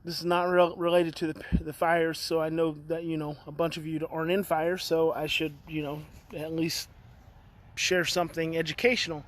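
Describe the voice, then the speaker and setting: High-pitched man, earnest, rambling parenting talk streamed by phone from outdoors. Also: a bit bright. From California. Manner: rambling, earnest, greets viewers by name. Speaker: parenting educator hosting a daily live stream. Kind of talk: casual live-stream talk. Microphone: phone on a live stream.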